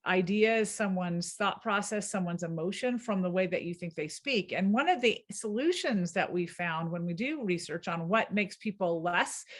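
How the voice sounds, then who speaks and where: A woman linguist with a subtle Southern US accent, explaining clearly and laughing easily in a podcast interview. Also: mid-range voice. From American South. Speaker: linguist guest.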